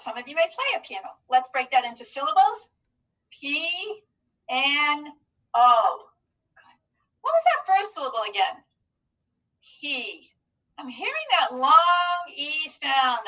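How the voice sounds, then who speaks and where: Woman teacher doing phonics with little kids, high voice, slow and clear, encouraging, mic kinda far. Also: bright, forceful tone. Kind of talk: phonics lesson for young children.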